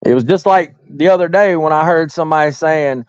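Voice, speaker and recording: A man's voice: a little high, a little fast, hardly any pauses, smooth, no room sound. A man ranting in a heated way, swearing constantly and rambling as he talks straight to his viewers. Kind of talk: heated profane rant. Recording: dull lo-fi audio.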